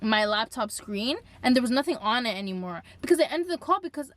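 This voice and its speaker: A young woman vlogger telling a dramatic story time, animated and emphatic, with lots of filler "like". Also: fairly high pitch, fairly quick, no room sound. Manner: animated, dramatic retelling with frequent "like". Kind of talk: storytime vlog.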